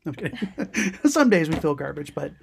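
A woman co-hosting a podcast, joking around in relaxed, slangy casual chat. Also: low-pitched, moderate pace, creaky, slight background noise. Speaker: podcast co-host.

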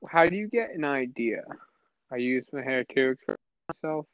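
A man's voice: mid-range voice, expressive, moderate pace, no echo. A young man chatting casually as a podcast co-host, rambling and stammering, laughing often. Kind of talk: casual chat. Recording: slightly muffled lo-fi audio.

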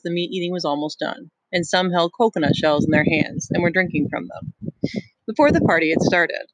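A teacher reads a novel aloud to a class, breaking off now and then for chatty, explanatory asides. The voice sits at a middle pitch. The sound is dry and close. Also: fairly bright tone, dry recording, rough recording.

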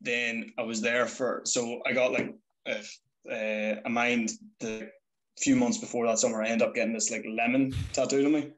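A man's voice: medium pitch, level tone, normal speed, rough recording. A young man, telling stories about his life in a chatty, self-mocking way. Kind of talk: casual storytelling.

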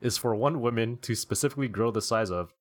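A man co-hosting a podcast, reading posts aloud in a casual, animated way and laughing at them. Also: medium pitch, fast. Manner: reads quotes in an animated, laughing voice. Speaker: podcast co-host.

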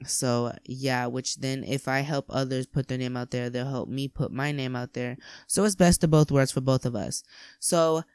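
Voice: mid-range voice, steady tone, moderate pace, darkish tone, clear, resonant tone, dry recording. A podcast host chatting casually and effusively to listeners, with lots of "like" as filler. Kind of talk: casual solo podcast chat.

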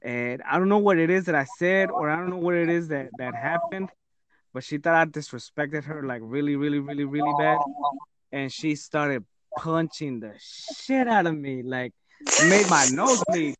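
A man's voice: a little high, moderate pace, very noisy. A young man co-hosting a podcast, telling stories in casual chat, swearing a lot and dropping in Spanish. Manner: profane, animated storytelling with mixed Spanish. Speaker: podcast co-host.

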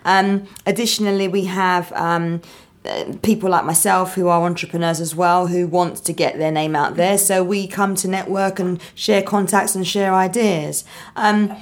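A woman answering interview questions as a guest, explaining in a measured way with frequent ums. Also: fairly low pitch, steady tone. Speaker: guest, marketing founder.

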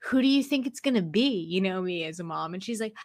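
A woman's voice: mid-range voice, lively intonation, quick pace. A woman co-hosting a casual chat, teasing, swearing and laughing often. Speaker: podcast co-host.

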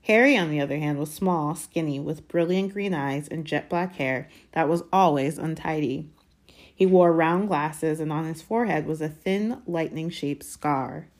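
A woman reading a novel aloud in a measured, deliberate way. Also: sits low, a little mellow. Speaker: reader.

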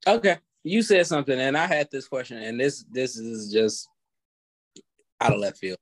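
A man's voice: medium pitch, moderate pace. Rambling male podcast co-host. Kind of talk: casual wrestling chat.

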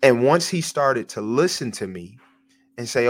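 A man's voice: mid-range voice, lively intonation, unhurried. Earnest, hesitant man telling a faith story. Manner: earnest, hesitant, repeats words. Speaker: podcast host. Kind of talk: devotional storytelling.

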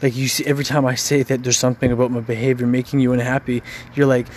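A man of middle pitch pours out an angry, frustrated rant. He swears often and stumbles over repeated words as he pushes on. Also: flat delivery, fast talker, darkish tone, slight background noise. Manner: frustrated, profane, stammering repeats.

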